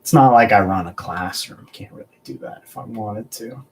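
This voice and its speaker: Young man, from the American South, stream host, relaxed rambling chat, casual swearing. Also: on the low side, moderate pace, vocal fry, poor audio. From Southern United States. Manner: laid-back and rambling, swears freely. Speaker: collectibles channel host. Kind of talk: casual live-stream chat, answering viewers.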